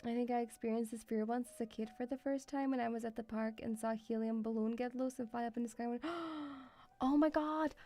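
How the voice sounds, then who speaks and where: A woman streaming casually, her voice sitting a little high as she rambles and thinks out loud with plenty of filler words. Soft music plays faintly underneath her talk. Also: level tone, fast, hardly any pauses. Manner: rambling, thinking aloud with many "like"s. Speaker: VTuber streamer.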